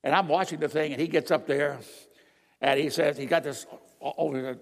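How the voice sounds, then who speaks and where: A high-voiced older man delivers a sermon in a church sanctuary. He hammers home big declarations, then drops to quiet asides. His voice trails off into the long echo of a large hall. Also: steady tone, a little fast. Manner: emphatic, swings between loud declarations and quiet asides. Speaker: preacher. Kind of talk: sermon with slides.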